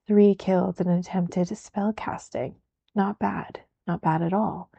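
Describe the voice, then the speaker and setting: A woman voicing a stern, grumbling male castellan in a soft whispered role-play reading. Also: lowish voice, fairly even intonation, measured pace, gravelly, husky, no room sound, lo-fi sound, exaggerated voice. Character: gruff wary male castellan, stern official.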